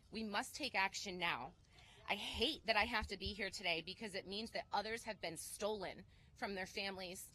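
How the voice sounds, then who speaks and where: A woman who lost her mother to gun violence, giving an urgent, forceful speech at an outdoor press conference. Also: mid-range voice, poor audio. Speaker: gun violence survivor and activist.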